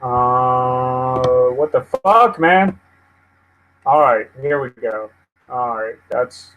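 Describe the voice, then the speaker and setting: A man's voice: medium pitch, animated, extremely slow, phone-quality sound, slight background noise. A man hosting a casual live news stream, swearing and venting at his computer as he rambles. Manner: profane, easily frustrated, rambling. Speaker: livestream host.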